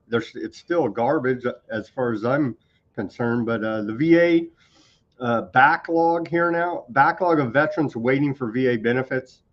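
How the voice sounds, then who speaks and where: A man's voice: mid-range voice, muffled recording. A male host reading out news items with casual, skeptical commentary. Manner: reads documents aloud, casual asides.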